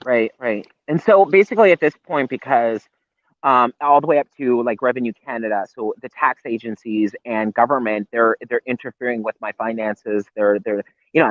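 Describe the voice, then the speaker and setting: A man's voice: mid-range voice, no room sound. A man who is a guest on a live-stream interview, talking in a heated, rambling way with swearing and many restarts. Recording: tinny phone-like line, dry.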